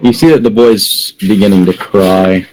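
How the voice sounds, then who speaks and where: Slow, low-voiced male game master. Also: fairly even intonation, background noise. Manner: unhurried, describes scenes in second person. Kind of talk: narrating a tabletop game.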